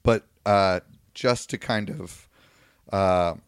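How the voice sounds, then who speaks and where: A man's voice: lowish voice, takes it slowly, smooth, dry recording, studio quality. A man co-hosting a podcast, recounting a news story at length in casual talk and paraphrasing what people said. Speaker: podcast co-host.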